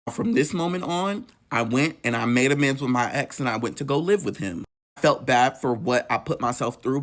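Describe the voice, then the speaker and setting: A man telling a painful personal story in an emotional, profane, animated way. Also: mid-range voice. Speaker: storytelling vlogger.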